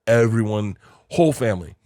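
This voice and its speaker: A man's voice: lowish voice, lively intonation, fairly quick, dark tone. A middle-aged man co-hosting a podcast, telling a long casual story, cursing freely and laughing often. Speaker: podcast co-host. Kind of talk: casual chat.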